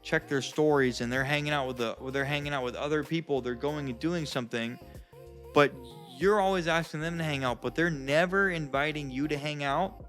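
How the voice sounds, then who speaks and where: Man, somewhat high voice, blunt casual advice, faint music underneath. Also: fairly quick, fairly bright tone. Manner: blunt, conversational, addresses viewers as guys and bro. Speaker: self-help vlogger. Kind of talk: casual direct advice to camera.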